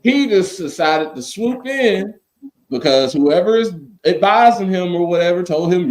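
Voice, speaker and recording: A man with a high, sharply rising and falling voice chats on a podcast. He talks in quick, profane, animated rants and slips into mock quotes of the people he discusses. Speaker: podcast co-host. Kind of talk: casual chat.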